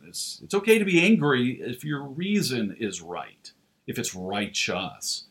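A man preaching a sermon as pastor, earnest, with "uh" fillers, slowing down for emphasis. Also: medium pitch, very animated, fairly bright tone.

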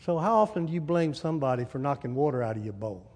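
A man preaching a sermon as a pastor, animated, asking the congregation questions and acting out little scenes. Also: mid-range voice, fast talker. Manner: animated, asks the crowd, acts out little scenes. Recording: hall reverb.

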